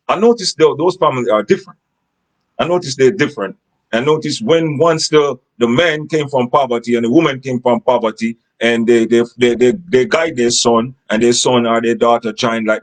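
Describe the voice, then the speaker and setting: A man's voice: medium pitch, rough recording. A man giving relationship advice in a rambling, repetitive monologue, often checking in with "Understand?". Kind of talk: casual monologue.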